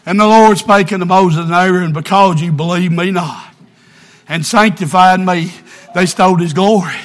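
A man's voice: sits high, moderate pace. A man preaching an impassioned sermon and reading scripture aloud.

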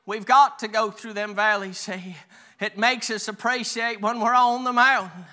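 High, bright-voiced preacher man. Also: steady tone. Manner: calls listeners "honey", reads scripture aloud haltingly. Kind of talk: folksy sermon.

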